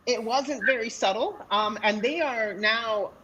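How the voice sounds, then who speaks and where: A woman's voice: on the high side, a little slow, a crowd in the background, rough recording. A woman narrating as the dungeon master of a tabletop game, talking casually with plenty of fillers and restarts. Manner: chatty, hesitant, many fillers and restarts. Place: live convention panel or online session.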